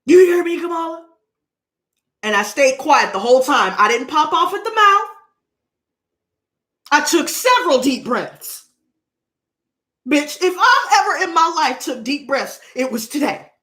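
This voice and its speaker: A young woman who hosts a tarot channel tells a story in a casual vlog, talking loudly and swearing a lot. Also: sits high, a little slow, pauses often. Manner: loud, profane, animated storyteller. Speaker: tarot reader and channel host.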